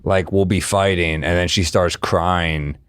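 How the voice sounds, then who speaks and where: Rambling low-voiced man in casual chat. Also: steady tone, unhurried, clean tone, dry recording, clean studio sound. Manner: rambling, filler-heavy, swears casually. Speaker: comedian podcast co-host. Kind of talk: casual chat, workshopping jokes.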